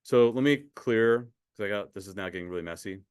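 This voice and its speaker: Low-voiced man teaching a math class. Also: fairly quick, a little mellow, clean tone, no room sound, clean studio sound. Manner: conversational, asks the class questions, repeats words. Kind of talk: classroom lecture.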